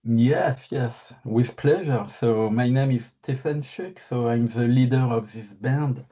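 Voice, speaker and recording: A man's voice: medium pitch, takes it slowly, mellow. A man with a French accent, a band leader being interviewed over a video call, answering politely. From France. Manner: polite, short replies in English. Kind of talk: interview guest. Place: Paris, remote call. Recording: dull lo-fi call audio.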